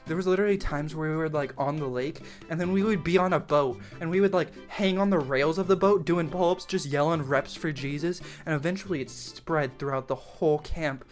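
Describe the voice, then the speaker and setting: A man's voice: a little high, a little fast, hardly any pauses, soft background music. Slangy young man telling a story. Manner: profane, animated, slangy, full of 'like'. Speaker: storytime YouTuber. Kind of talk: casual storytime narration.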